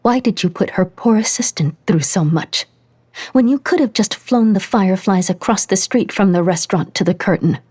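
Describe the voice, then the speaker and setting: A woman's voice: mid-range voice, normal speed, a little mellow, husky, voice pushed up, close to an everyday voice. A woman narrator voicing a female lieutenant interrogating a suspect in a clipped, level tone. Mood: cold. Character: controlled female lieutenant, coldly angry.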